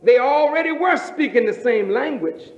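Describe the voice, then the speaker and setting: A man preaching as a minister, emphatic, with rhetorical questions and drawn-out phrasing. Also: extremely high pitch, lively intonation. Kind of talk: sermon. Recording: roomy, dull lo-fi recording.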